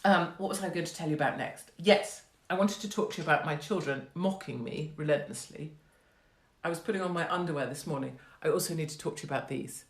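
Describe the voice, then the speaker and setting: A woman's voice: sits low, quick pace, reverberant. A woman in her forties hosting a rambling, casual monologue, blunt, profane and sarcastic. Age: 40s. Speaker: host.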